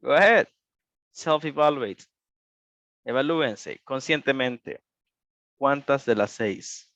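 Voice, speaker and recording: A man's voice: mid-range voice, a little slow, fairly bright tone, no room sound. A male English teacher running an online class, switching between Spanish and English and encouragingly reading out students' answers. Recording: dull, muffled online-class audio.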